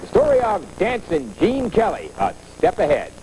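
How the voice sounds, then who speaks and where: A man hosting a 1980s television game show, brisk and jokey as he introduces the players. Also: sits high, huge pitch swings, low-quality recording. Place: TV studio. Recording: 1980s TV studio with music and audience.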